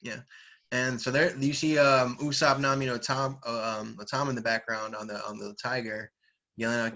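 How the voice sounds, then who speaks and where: Bright, lively male reviewer, casual, laughs a lot. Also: medium pitch, moderate pace. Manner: lively, laughs often, fillers. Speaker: manga reviewer. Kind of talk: casual chat, reading aloud.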